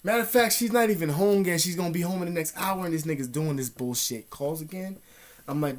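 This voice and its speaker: A young man vlogging, telling a personal story in a casual, profane, animated way with street slang and frequent asides. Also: on the high side, quick pace.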